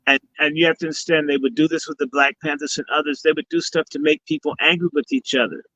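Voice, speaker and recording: Bright-voiced man preaching on a call. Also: on the high side, steady tone, fast talker, slight background noise. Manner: preachy, blessing-style, profane. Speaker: guest speaker and summit organizer. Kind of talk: casual live-stream talk. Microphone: video call. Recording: dull lo-fi stream audio.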